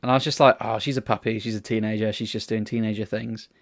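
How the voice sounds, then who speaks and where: Fast-talking and steady in tone, this fairly low-voiced podcast co-host spins rambling stories laced with swearing and constant restarts during a casual chat.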